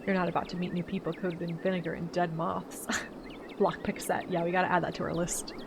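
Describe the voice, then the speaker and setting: A woman's voice: lowish voice, level tone, a little fast, vocal fry, noisy background. A woman reading out a horror visual novel and chatting about her choices as she plays. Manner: chatty, reads narration then comments with laughs. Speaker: let's play gamer voicing a visual novel.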